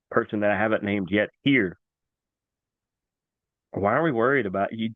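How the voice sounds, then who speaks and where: A man hosting a casual sports talk show, excitable and animated, repeating himself for emphasis. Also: lowish voice, dry recording. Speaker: sports podcast host. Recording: dry, tinny phone-like sound.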